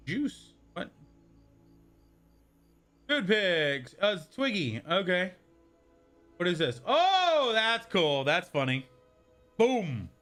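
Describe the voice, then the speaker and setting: A man's voice: on the high side, bright, forceful tone. A young man chatting casually on a live stream, rambling and answering viewers from chat as he goes.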